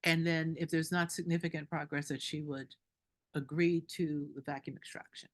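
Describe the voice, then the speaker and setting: A woman doula telling a story at a group meeting, animated and indignant, laughing between lines. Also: low-pitched, moderate pace.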